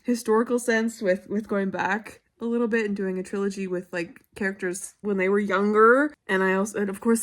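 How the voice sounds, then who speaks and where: A woman chatting casually into her camera at home late at night, her voice sitting at an ordinary middle pitch. She talks freely and loosely, swearing often and breaking into giggles between thoughts. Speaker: author vlogger. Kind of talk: casual vlog chat.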